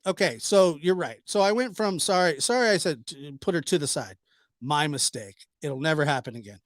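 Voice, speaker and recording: A man's voice: on the high side, expressive, moderate pace, no room sound, studio quality. A man hosting a commentary vlog, talking in a sarcastic, exasperated way with mock apologies. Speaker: channel host, commentator.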